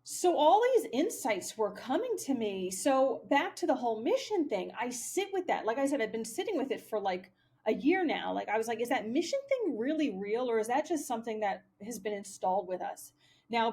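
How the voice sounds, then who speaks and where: Chatty woman, bit higher voice, lots of like and um, swears a bunch, just rambling to camera. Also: a little mellow. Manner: rambling, profane, many fillers. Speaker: spiritual vlogger. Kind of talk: casual spoken monologue. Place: Pennsylvania.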